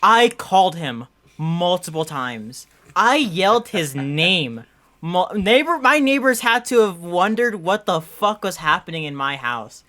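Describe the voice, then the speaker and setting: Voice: medium pitch, sing-song, a little slow, bright, forceful tone. A young adult podcast co-host telling a story in casual chat, rambling and full of "like" and restarts. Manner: rambling, heavy use of "like" and restarts.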